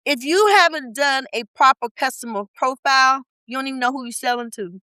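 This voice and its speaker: A woman's voice: sits high, a little fast, sharp tone, clear, resonant tone, dry recording, rough recording. A woman business coach talking in a podcast interview, blunt and colloquial, firing off rhetorical questions with emphasis. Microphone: podcast studio mic.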